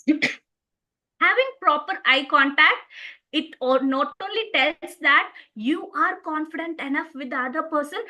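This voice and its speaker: A woman teaches communication skills in a lecture, her voice pitched high and swinging widely as she stresses single words to show intonation. She often breaks off and restarts a phrase mid-sentence. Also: sharp tone. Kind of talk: training lecture.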